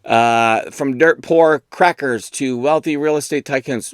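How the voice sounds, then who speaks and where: A man's voice: mid-range voice, measured pace, clear, resonant tone, no echo, clean studio sound. A man hosting a book video, rambling and joking at his own expense in casual chat. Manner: rambling, self-mocking and jokey. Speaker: booktube host.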